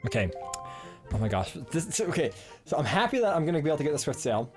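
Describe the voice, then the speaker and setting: A man's voice: on the high side, big pitch swings, fast, music in the background. A man streaming a video game live, talking playfully and jokingly, often stammering and repeating words. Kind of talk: live gameplay commentary.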